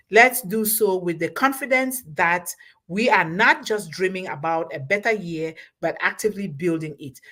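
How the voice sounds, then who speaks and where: A woman host delivering a motivational talk with an emphatic, preacher-like push. She repeats her points and urges her listeners on, at a medium pitch for a woman. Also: a bit bright. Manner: emphatic, repetitive, preacher-like exhortation.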